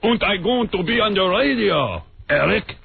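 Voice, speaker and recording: A man putting on a mocked old German father with a heavy German accent and halting, broken speech. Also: high voice, animated, gravelly, slightly rough, no room sound, pitched above the performer's own voice, full character voice. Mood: mocking. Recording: tinny lo-fi radio broadcast.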